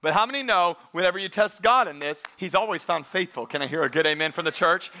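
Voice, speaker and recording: Bright-voiced high-pitched pastor preaching. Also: male voice, expressive, quick pace, hardly any pauses. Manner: conversational preaching, quoting scripture with emphasis. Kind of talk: sermon.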